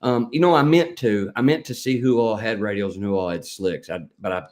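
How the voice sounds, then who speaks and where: A man hosts a laid-back live stream in a lowish voice. He rambles, jokes and picks on his viewers. He greets people by name as their comments come in. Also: fairly quick, darkish tone. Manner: joking, rambling, reads viewer comments aloud. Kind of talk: casual live stream chat.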